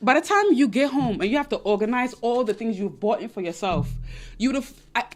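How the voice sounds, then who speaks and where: Animated high-voiced woman giving advice. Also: brisk, a little hiss or hum. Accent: non-American English accent. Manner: animated, repetitive, acts out quoted voices. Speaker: dating advice vlogger. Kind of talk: casual advice chat to viewers.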